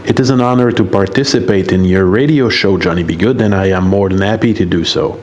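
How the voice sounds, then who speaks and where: Halting French-Canadian man in his fifties. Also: sits low, darkish tone, dull audio, a little hiss or hum. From Quebec, Canada. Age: 50s. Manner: halting, hesitant, many fillers, apologetic. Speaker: guest sending a recorded message to a radio show. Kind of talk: self-recorded voice message.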